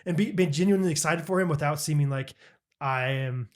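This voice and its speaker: A man co-hosting a podcast, chatting casually and laughing as he retells stories with quick impressions. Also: fairly high pitch. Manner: animated, laughing storyteller doing quick impressions. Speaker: podcast co-host. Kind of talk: casual chat.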